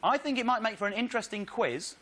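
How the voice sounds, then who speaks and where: A comedian on stage, telling an excitable, indignant comic story with slides. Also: male voice, sits high, quick pace, heavy background noise. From Britain. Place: theatre stage.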